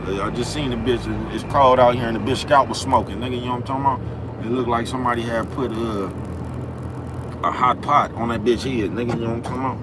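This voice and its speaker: A man's voice: mid-range voice, fairly even intonation, fast, background noise. A young man hosting a livestream from outdoors, ranting in a profane, repetitive way and constantly checking that listeners follow him. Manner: profane, repetitive, keeps asking "you know what I'm talking about". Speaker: livestream host. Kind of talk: ranting live-stream monologue. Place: outdoors in the cold, near traffic.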